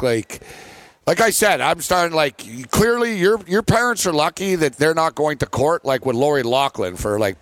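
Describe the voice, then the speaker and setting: A man's voice: a little high, a bit bright, clean tone, no room sound. A man hosting a sports betting show, teasing a colleague in casual banter, rambling and full of fillers.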